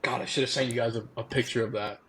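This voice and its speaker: A young man, a former college ballplayer, telling stories as a podcast guest in a casual, animated way, laughing often and acting out quotes. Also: medium pitch, rapid-fire, a loud crowd. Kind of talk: casual storytelling.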